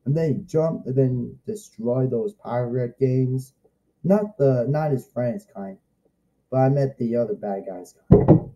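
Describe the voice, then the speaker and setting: A young man vlogging a casual, excitable review, rambling and repeating himself. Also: mid-range voice, a little slow, highs cut off.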